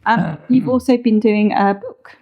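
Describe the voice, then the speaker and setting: A woman's voice: medium pitch, unhurried, phone-quality sound. A woman, co-host of a home channel, chatting casually with lots of "like" and "sort of". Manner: chatty, filler-heavy, laughing easily. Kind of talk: casual chat.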